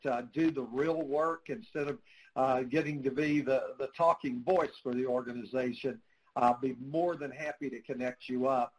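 A man's voice: mid-range voice, poor audio. A man speaking for a nonprofit in a conversational interview, earnest and storytelling, with frequent "uh" fillers. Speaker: nonprofit spokesperson.

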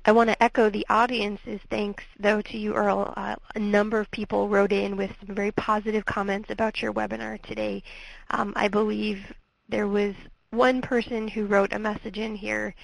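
A woman with a gravelly, creaky edge wraps up a webinar as its organizer. She goes through the reminders step by step in a friendly, methodical way, with a few ums along the way. Her voice is dry and close to the microphone. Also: medium pitch, dry recording, rough recording. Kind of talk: closing webinar announcements.

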